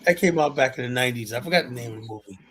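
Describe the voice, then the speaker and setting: A man's voice: medium pitch, racing, fairly bright tone, breathy edge, rough recording. A man in a casual group conversation, recounting a film he half remembers and trailing off as he restarts. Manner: rambling recollection, trails off and restarts.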